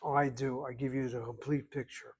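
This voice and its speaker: A man's voice: medium pitch, level tone, normal speed, a little mellow, slightly rough. A man teaching a Hebrew grammar lesson, patiently explaining verb forms and careful pronunciation.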